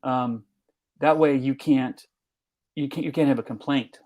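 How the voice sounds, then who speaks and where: A man in his sixties, a retiring teacher, speaking as a guest in a halting, measured way with many restarts. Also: mid-range voice, fairly even intonation, a little mellow. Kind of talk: conversational interview.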